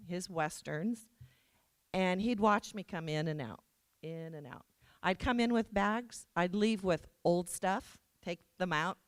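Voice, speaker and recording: A woman's voice: mid-range voice, clean tone, no echo. Middle-aged woman, keynote storyteller, dry close mic, anecdotal and self-deprecating. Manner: anecdotal, self-deprecating, acts out quoted dialogue. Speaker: keynote speaker. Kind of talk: storytelling speech. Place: conference hall.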